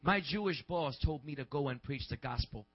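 A man in his twenties, a pastor, preaching in a rambling, conversational way that builds into shouts. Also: on the high side, lively intonation, moderate pace. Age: 20s. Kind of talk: sermon. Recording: dull lo-fi recording.

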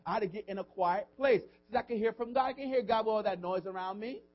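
A man preaching a sermon as pastor, swinging between hushed, tender passages and loud, drawn-out emphasis, with frequent "come on" asides to the congregation. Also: sits high. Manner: preaching with rising and falling intensity, call-and-response asides. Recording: dull lo-fi audio.

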